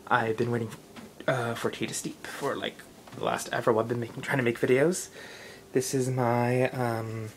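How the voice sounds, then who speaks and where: Young guy, mid-pitched and gravelly, loose rambling vlogger with lots of fillers. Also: steady tone, fairly quick, slight background noise, rough recording. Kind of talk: casual rambling vlog.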